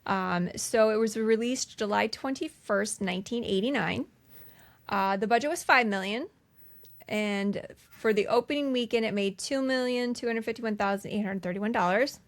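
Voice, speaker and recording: Woman podcast co-host in her thirties, easygoing recap chat, filler-heavy, pops into character voices. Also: a little high. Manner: retells scenes with quick voiced impressions, many fillers. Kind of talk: casual movie recap chat.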